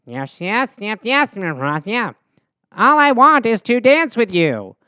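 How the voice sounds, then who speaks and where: A man's voice: high voice, very animated, slow pace, pushed and bright, smooth, no room sound, studio quality, full character voice. A man voicing a dim, polite male alien visitor who keeps repeating yes and yep, in a comedy bit. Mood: earnest.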